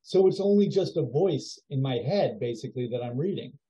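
A man teaching a writing workshop over a video call, giving feedback in a musing, halting way with many fillers. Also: mid-range voice, lively intonation, dark tone. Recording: dull lo-fi video call audio.

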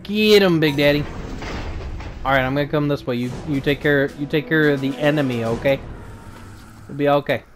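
Low-key man narrating his gameplay. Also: fairly quick, faint music behind. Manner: low-key, flat delivery despite interest; thinks aloud, frequent small repeats. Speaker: gaming channel host. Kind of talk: let's play commentary.

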